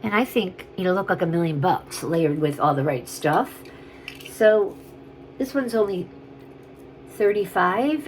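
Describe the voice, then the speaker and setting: A woman's voice: lowish voice, slight background noise, rough recording. A woman chatting casually on camera as she shows and sells vintage jewelry, rambling and gushing over each piece. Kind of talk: casual on-camera selling chat.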